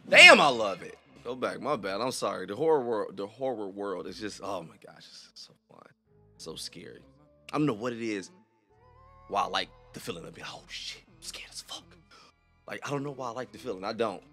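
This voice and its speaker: A young man reacting on camera with fast, tumbling, profanity-laced chatter. His voice bounces up and down as he talks and has a bright, forceful edge. A little music sits faintly under him. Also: fairly low pitch. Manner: animated, rambling, profane slang. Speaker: reaction video host. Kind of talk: casual reaction chat.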